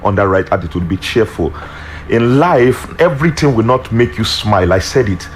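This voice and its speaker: A man with a Nigerian accent preaching, telling a story with lively acted voices. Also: on the low side, moderate pace, a little hiss or hum. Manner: animated, acts out story voices. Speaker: pastor. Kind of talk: sermon with storytelling.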